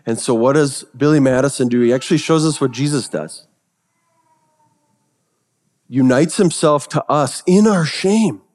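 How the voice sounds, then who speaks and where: Pastor guy preaching, goes quiet then gets all fired up, big echoey hall. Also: medium pitch, measured pace, pauses often. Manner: storytelling, swinging from hushed to excited. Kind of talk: sermon.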